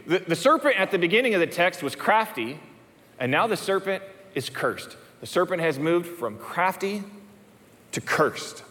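A male pastor preaching a sermon, dropping to hushed low emphasis and then rising high and excited when he reads dialogue aloud. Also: moderate pace. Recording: reverberant church hall.

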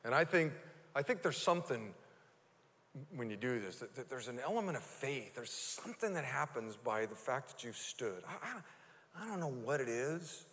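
Earnest pastor in a reverberant hall. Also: male voice, mid-range voice, sing-song, normal speed, a bit bright. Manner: earnest, with repeated stammered restarts. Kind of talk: live sermon. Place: church sanctuary.

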